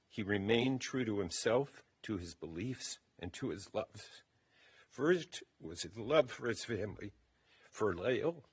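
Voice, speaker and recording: A man with a low, slightly husky voice gives a eulogy at a funeral service. He reads his remarks at a measured pace. The delivery is steady and deliberate. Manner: measured, reading from a text.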